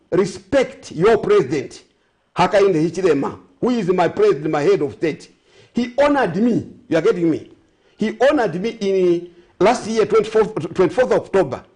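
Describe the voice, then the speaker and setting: Zambian man, high voice, talk-show guest, digresses and corrects himself often. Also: dark tone. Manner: rambling, self-correcting, sarcastic asides. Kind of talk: studio talk show discussion.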